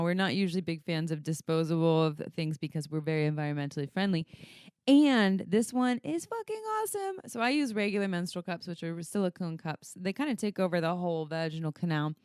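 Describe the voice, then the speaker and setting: A woman's voice: fairly low pitch, a little mellow, clean tone, dry recording, studio quality. Frank, playful woman podcast co-host. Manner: frank, playful, laughs often. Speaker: podcast co-host, sex educator. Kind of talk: casual podcast chat.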